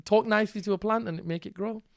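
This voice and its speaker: A man with a Northern English accent, a guest on a podcast, talking in a lively way and acting out quotes as he tells stories. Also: sits high, creaky, no room sound, studio quality. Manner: animated, quick storytelling with acted quotes. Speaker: guest, content creator and teacher. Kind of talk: casual podcast interview.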